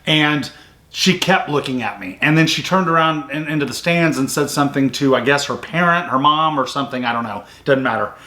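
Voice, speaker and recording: A man talks through a softball game play by play. His voice sits a little high and sounds bright and forceful. He chats casually, with plenty of fillers and restarts. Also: fairly quick. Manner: chatty, recounts plays step by step with fillers. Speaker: sports recruiting show host. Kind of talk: casual game recap chat.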